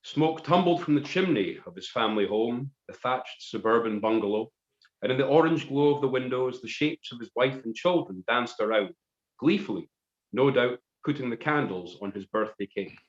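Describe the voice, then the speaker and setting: A man's voice: medium pitch, lively intonation, moderate pace. A man narrates a comic tale with mock-dramatic flair. His voice sits mid-range for a man. The sound is roomy and dull, like a home live stream. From Scotland. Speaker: musician reading a story on a live stream. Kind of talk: comic storytelling.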